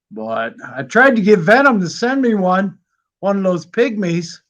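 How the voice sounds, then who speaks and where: A man from Wyoming with a high voice for a man, chatting on a live stream. He drawls through his stories in a relaxed, unhurried way. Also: muffled recording. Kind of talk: casual chat.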